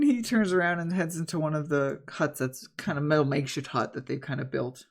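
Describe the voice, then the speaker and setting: A man's voice: on the high side, a little fast, gravelly, hardly any pauses. Man rambling as a game master. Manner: loose, rambling narration with fillers. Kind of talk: narrating a tabletop game.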